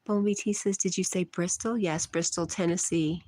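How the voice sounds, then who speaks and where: A woman's voice: on the low side, fairly even intonation, normal speed, mellow, no room sound. A middle-aged woman hosting a casual livestream from her porch, reading chat comments aloud, teasing and laughing often.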